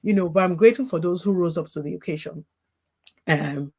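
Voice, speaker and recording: A woman's voice: fairly low pitch, brisk, a little mellow, slightly rough. A woman, a grief recovery specialist, candidly talking about losing her baby as an interview guest, earnest and reflective with frequent "you know" asides. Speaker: grieving mother as interview guest.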